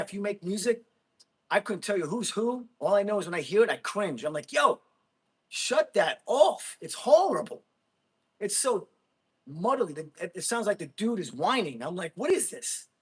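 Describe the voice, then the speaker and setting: A man in his thirties, a Marine veteran, chatting casually to viewers on a livestream, rambling and excitable, often laughing and talking to the chat. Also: high-pitched, breathy edge. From Jersey City, USA.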